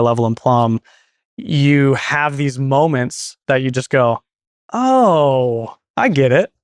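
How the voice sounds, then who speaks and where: Guest man, 30s, chatty and meandering, slips into quoted voices; mid-pitched, dry booth sound. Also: no room sound. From Portland, Oregon. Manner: rambling, self-correcting, acts out quoted dialogue. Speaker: guest, garage door business owner. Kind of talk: casual interview storytelling.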